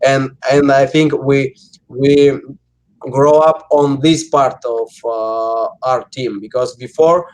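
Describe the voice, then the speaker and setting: A man with a Russian accent, a native Russian speaker, answering interview questions in English with many pauses and fillers. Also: medium pitch, fairly even intonation. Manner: halting, many fillers and restarts. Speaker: interview guest. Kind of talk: casual interview.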